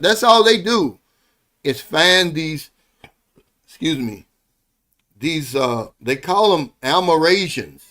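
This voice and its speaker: A middle-aged vlogger living abroad speaks directly to his viewers in a loose, wandering casual monologue. His voice is notably high and fairly bright, and he sounds earnest and heartfelt, adding "man" to the end of many phrases.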